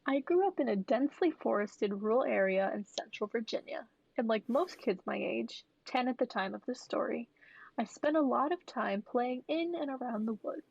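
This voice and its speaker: A woman's voice: on the high side, lively intonation, gravelly, a little mellow, no echo, highs cut off. A woman podcast co-host who jokes playfully and reads a listener story aloud. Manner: playful, quick to joke and laugh. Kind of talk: casual chat and story reading.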